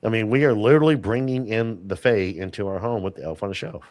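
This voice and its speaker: A man's voice: fairly low pitch, fast, darkish tone, no echo. A man talking as a podcast guest, telling long rambling stories full of fillers and restarts. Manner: rambling storyteller, many fillers. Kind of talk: casual interview chat.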